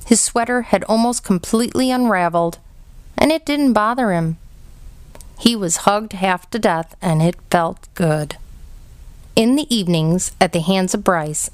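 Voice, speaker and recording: A woman reading a children's novel aloud in a gentle, measured storybook narration. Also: medium pitch, no echo. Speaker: audiobook reader.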